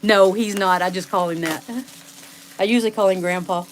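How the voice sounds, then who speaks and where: A woman's voice: mid-range voice, steady tone, a little fast, a little hiss or hum. Chatty woman live-streaming, a bit sniffly. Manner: chatty, talks back to viewers by name. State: sniffling from sneezing. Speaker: live-stream host unboxing rocks. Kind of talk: casual live-stream chat with viewers. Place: her bedroom. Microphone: phone on a stand.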